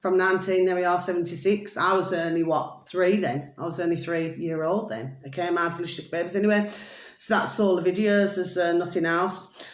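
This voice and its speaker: A woman's voice: on the low side, fairly even intonation, brisk. A British woman in her fifties, talking straight to her viewers in a passionate, rambling monologue and often checking whether they follow her. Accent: British English. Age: 50s. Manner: passionate, repeats pet names and asks "do you see". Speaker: video uploader. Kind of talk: casual ranting monologue to viewers. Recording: roomy echo.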